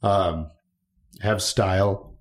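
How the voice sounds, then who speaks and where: A man co-hosting a podcast in casual chat, talking in a relaxed, agreeable way with plenty of fillers and restarts. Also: low voice, drawn-out words. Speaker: podcast co-host.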